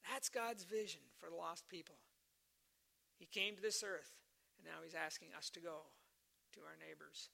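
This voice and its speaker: A male preacher with a high, very bright voice and a strong gravelly edge. He delivers his sermon earnestly and tells stories. He often repeats key phrases for emphasis. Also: fairly even intonation, moderate pace, pauses often.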